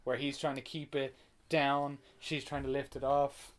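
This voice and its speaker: A man chats on a casual podcast, running through a movie's story in a loose, profane way that is thick with "uh" and "like". His voice sits at an ordinary middle pitch. A faint hiss of noise sits under the talk. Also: little pitch movement, a little slow. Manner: loose, profane plot retelling with many fillers. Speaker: podcast host reviewing a film. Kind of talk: casual chat.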